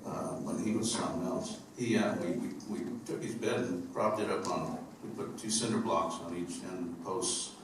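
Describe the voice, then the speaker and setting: Deep-voiced man telling stories in an echoey theater. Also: fairly even intonation, normal speed, hardly any pauses. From upstate New York. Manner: rambling, humorous storytelling with fillers. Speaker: singer-songwriter on stage. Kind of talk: stage banter between songs. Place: theater stage at a live concert. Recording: echoey, distant live theater recording with noise.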